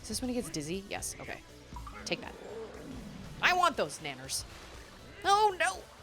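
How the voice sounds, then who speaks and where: Her mid-range voice swoops wildly in pitch at a moderate pace as she streams a video game. The commentary is casual and peppered with exclamations and laughs, and faint game music plays in the background.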